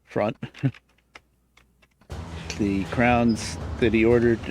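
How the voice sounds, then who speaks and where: A man's voice: mid-range voice, flat delivery, extremely slow, noisy background. A man with a lisp, casually rambling as he streams a game and mutters to himself. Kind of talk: casual live-stream commentary while playing.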